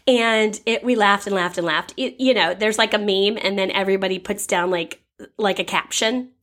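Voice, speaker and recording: A woman co-hosting a podcast, chatting casually in a bubbly, excitable way. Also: mid-range voice, normal speed. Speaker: podcast co-host. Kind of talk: casual chat.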